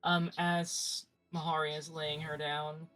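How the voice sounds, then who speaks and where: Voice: mid-range voice, flat delivery, takes it slowly, fairly bright tone, soft background music, poor audio. A player in a tabletop game, talking hesitantly with stammering restarts.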